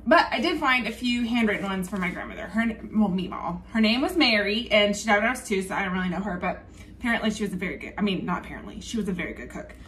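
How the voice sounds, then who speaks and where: A woman's voice: medium pitch, fairly bright tone, slight background noise. A woman in her thirties with a Southern US accent, chatting casually in her home kitchen for a cooking vlog, rambling with lots of ums. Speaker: cooking vlogger.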